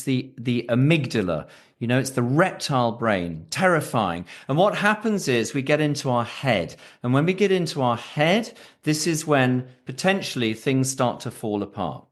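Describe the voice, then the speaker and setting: Lively British voice coach, man. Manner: expressive, coaching tone with lively pitch. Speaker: executive voice coach. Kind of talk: podcast interview answers.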